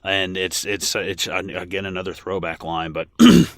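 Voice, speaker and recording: A man's voice: sits low, moderate pace, creaky, dry recording, clean studio sound. A man co-hosting a podcast, chatting casually about a film with lots of restarts and fillers. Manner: rambling with many restarts and fillers. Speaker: podcast co-host. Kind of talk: casual film commentary chat.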